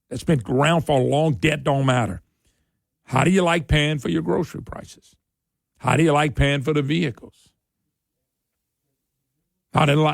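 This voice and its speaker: A middle-aged talk radio host with a raised, gravelly voice tears through a heated political monologue. He hammers his points again and again and gets louder and higher as he heats up. The sound is close and dry in a studio. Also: no room sound. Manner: fiery and emphatic, repeats points, rises sharply when worked up.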